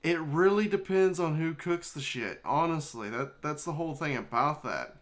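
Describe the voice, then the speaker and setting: A man's voice: a little high, lively intonation, normal speed, fairly bright tone. Joking man streaming a video game. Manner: joking, swears casually. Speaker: livestreamer playing a video game. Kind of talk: casual gaming chat.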